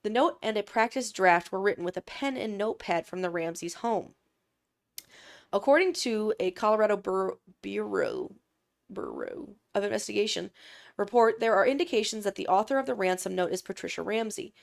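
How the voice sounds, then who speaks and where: A woman's voice: mid-range voice, big pitch swings, normal speed, creaky. A woman co-hosting a podcast, steadily reading a true crime script with self-conscious asides. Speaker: podcast co-host.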